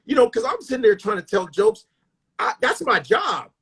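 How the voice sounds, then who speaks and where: A middle-aged man, a stand-up comedian, telling stories in a profane, animated way, often restarting his sentences. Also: very high voice, normal speed, husky. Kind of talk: casual storytelling.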